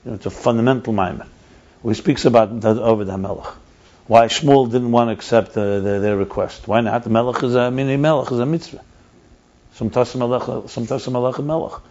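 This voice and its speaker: A man's voice: mid-range voice, fast, darkish tone. A man explaining ideas in a conversational teaching style, emphatic and repeating his key points. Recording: dull lo-fi recording.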